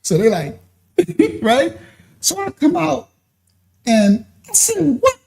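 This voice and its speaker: A man telling a personal story in a casual way, animated and often laughing. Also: very high voice, slow, vocal fry. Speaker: ministry speaker.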